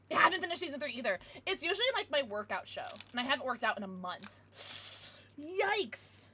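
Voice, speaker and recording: Giggly high-voiced young woman streamer. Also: sing-song, moderate pace, pushed and bright. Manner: giggly, chatty, talking to chat. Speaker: livestreamer. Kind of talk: casual livestream chat.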